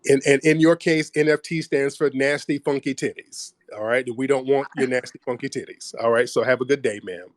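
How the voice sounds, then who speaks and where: A man's voice: mid-range voice, fairly even intonation, fairly quick, hardly any pauses, no room sound, studio quality. A man hosting a live call-in audio show, blunt and joking. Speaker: host.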